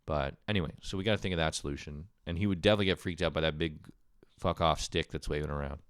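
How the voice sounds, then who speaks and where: A man's voice: very deep voice, fast talker, clear, resonant tone, no room sound, clean studio sound. A man hosting his own show, telling a rambling, profane, self-mocking story in a casual way, with a sore throat. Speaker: podcast host. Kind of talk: casual comedic storytelling monologue.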